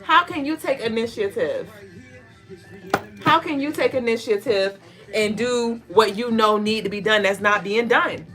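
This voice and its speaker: A woman co-hosting a podcast of casual spiritual talk. She speaks bluntly, swears freely and fires off rapid rhetorical questions. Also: fairly high pitch, sharp tone, faint music behind. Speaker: podcast co-host.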